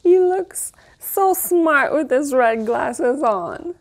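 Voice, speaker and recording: A woman in her thirties chatting casually at home while showing off a haul, gushing and now and then cooing in a high baby voice. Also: expressive, drawn-out words. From Canada. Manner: gushing, coos in a high baby voice at her dog and cute mugs. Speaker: vlogger. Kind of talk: casual show-and-tell haul.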